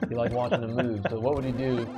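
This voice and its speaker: A man's voice: mid-range voice, level tone, fast. A man teasing and joking with his co-host while playing a video game. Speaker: co-host of a gaming show. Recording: loud game music behind.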